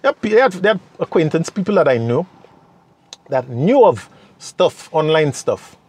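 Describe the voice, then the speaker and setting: A man's voice: a little high, big pitch swings, normal speed, darkish tone, husky. A man gives young people earnest, preachy advice in a casual monologue and repeats phrases for emphasis. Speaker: vlogger giving advice to youth.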